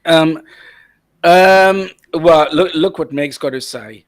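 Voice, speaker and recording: A man's voice: on the high side, slow pace. A man co-hosting a casual live stream chat, teasing his guests and reading out viewer comments.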